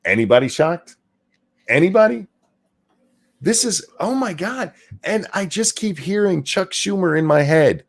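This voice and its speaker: Animated, fast-talking sarcastic male host. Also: mid-range voice. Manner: animated, swearing, sarcastic rants. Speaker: show host. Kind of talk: casual political commentary chat.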